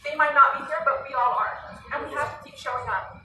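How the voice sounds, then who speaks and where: A woman's voice: high-pitched, quick pace, distant mic, background noise. A woman giving an earnest, urgent protest speech outdoors in the sun, swearing now and then. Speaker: rally speaker for an activist group. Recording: echoey PA sound heard from afar.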